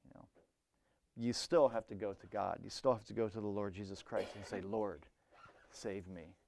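A man's voice: fairly low pitch, steady tone, fairly quick, gravelly, a little mellow, slight background noise. A man preaching a sermon in an earnest, conversational way, often restarting phrases and adding "you know".

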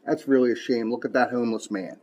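A man voicing a male chicken in a spoken joke, talking in a laid-back, slangy, low-key way. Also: fairly even intonation, fast, a little mellow, breathy edge, close to an everyday voice. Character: casual, scheming male chicken.

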